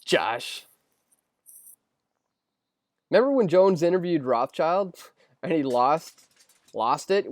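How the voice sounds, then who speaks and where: A man's voice: a little high, animated, slow, long pauses, no echo. A young man hosting a casual live stream, reading viewer questions aloud and rambling through answers with lots of fillers and restarts. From Canada.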